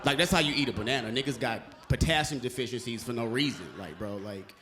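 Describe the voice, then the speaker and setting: A young man from Alabama performing a stand-up comedy set on stage, shouting and singing his punchlines. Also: fast talker, background noise. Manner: animated, shouts and sings punchlines, high squeaky acted quotes.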